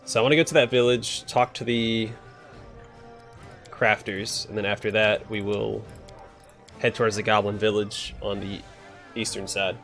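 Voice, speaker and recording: A man's voice: on the low side, little pitch movement, normal speed, pauses often, a bit bright, faint music behind. A man hosting a let's play, thinking aloud with fillers and self-corrections as he plays. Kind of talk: casual gameplay commentary.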